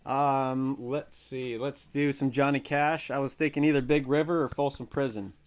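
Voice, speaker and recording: A man co-hosting a music livestream, relaxed and joking as he reads viewer comments aloud. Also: mid-range voice, normal speed, smooth. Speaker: co-host and guitarist. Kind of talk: casual livestream chat.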